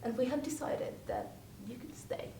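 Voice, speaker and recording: A young woman putting on the voice of a stern, brisk older foster mother, clipped and matter-of-fact. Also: huge pitch swings, warm tone. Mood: firm. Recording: roomy sound from a distant mic, faint rumble.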